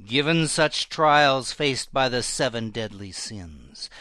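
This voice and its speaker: A man's voice: mid-range voice, expressive, slow pace, sharp tone, no echo. A man giving a dramatic scripted narration in a theatrical manner, often dropping to a whisper.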